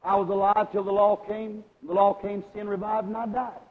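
A man preaching a sermon, questioning his congregation and asking them to agree, his loudness swinging between strong and hushed. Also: high-pitched, little pitch movement, moderate pace. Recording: lo-fi recording with a long hall echo.

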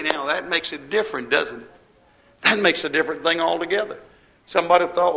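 A man preaching a sermon in a rhythmic, repetitive style, swinging between loud emphasis and quiet asides. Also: on the high side, fairly quick, vocal fry, low-quality recording.

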